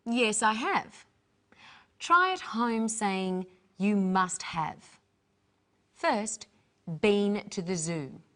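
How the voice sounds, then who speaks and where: A woman co-hosting a scripted English lesson, modelling each phrase clearly for learners to repeat. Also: mid-range voice, sing-song, very slow, a bit bright. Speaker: English teacher, co-host.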